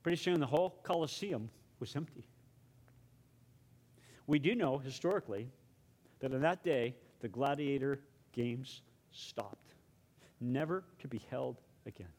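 A male pastor preaching a sermon, telling a story dramatically and then going hushed for prayer. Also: mid-range voice, lively intonation, a little slow, long pauses.

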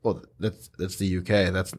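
A man with a fairly low voice chats on a podcast, dropping wry, jokey asides. His tone stays relaxed and conversational. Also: normal speed, husky. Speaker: podcast co-host. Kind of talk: casual chat.

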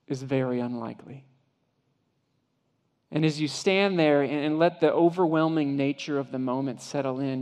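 A male pastor giving a sermon, vividly retelling a story in the second person and often dropping to a hushed voice. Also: on the high side. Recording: long hall reverb.

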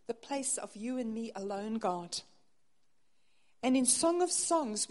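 A woman preaching a sermon in an earnest way, her voice dropping soft on tender phrases. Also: sits high. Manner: earnest, softening to near-hush on intimate phrases.

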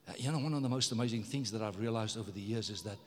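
A man's voice: lowish voice, racing, long reverb tail, slight background noise. A man preaching a sermon as pastor, emphatic, repeating words and calling on the congregation to respond. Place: church.

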